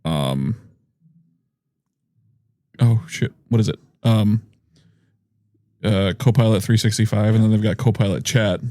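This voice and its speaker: A man's voice: lowish voice, a little slow, pauses often, mellow, no echo. A man co-hosting a podcast in casual chat, chiming in with dry, factual remarks.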